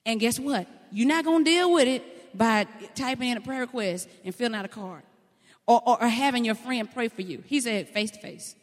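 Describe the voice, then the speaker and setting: A woman preaches a sermon, slipping into folksy, animated storytelling. Her voice sits a little high. It rings out with the long reverb of a large hall. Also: normal speed.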